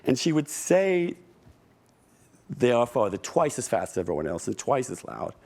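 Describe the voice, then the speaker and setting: A middle-aged man tells personal stories at a public talk. His voice is gravelly and mellow. He speaks in a wry, unhurried way, laughing softly and often restarting his sentences. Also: mid-range voice, very animated. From England. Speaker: guest speaker at a public conversation. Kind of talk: reflective personal storytelling.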